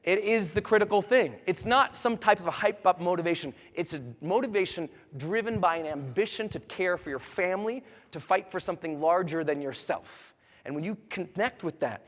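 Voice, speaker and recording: Impassioned man rallying a hall audience. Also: high-pitched. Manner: impassioned, building from quiet storytelling to loud rallying. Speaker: motivational speaker. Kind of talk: motivational seminar speech. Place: large hall with a live audience. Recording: long hall reverb.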